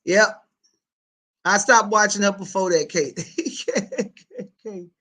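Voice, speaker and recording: A woman hosting a casual livestream reads out viewer comments and chats in an animated, colloquial way, repeating herself a lot and laughing often. Her voice is medium-pitched and she takes it slowly. The recording quality is low.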